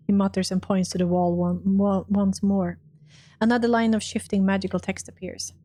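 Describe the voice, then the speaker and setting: A woman's voice: medium pitch, normal speed. A woman streamer reading a role-playing game's text aloud and reacting to it, swearing and laughing when things go wrong. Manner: animated, swears and laughs at failures. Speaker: gaming streamer.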